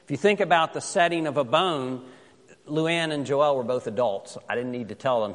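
Guy preaching a sermon, kinda high voice, chatty storytelling, long echo like a big church hall. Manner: conversational storytelling, slow deliberate scripture reading. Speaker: pastor.

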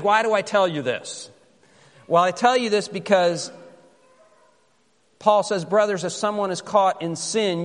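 A man preaching to his congregation, his voice set a little high. He moves from loose, conversational storytelling to slow, deliberate scripture reading. His words ring out with a long reverb, as if in a large church sanctuary. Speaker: pastor. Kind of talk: sermon.

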